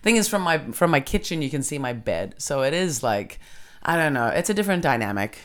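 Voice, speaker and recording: A woman comedian with a deep, low voice, hosting a casual podcast chat in a comedy club and laughing often. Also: very animated, fairly quick.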